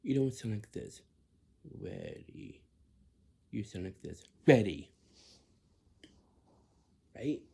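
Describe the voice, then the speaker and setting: A man's voice: on the low side, creaky, dark tone, breathy edge. A man in a casual spoken explanation who repeats himself, halts often and slips into whispers now and then. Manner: repetitive, halting, drifts into whispers.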